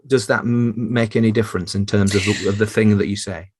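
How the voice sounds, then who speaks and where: Guy hosting a podcast, low and a bit raspy, restarts a lot. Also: fairly even intonation, darkish tone. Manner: halting, many restarts, laughs easily. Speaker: podcast host. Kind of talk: conversational interview.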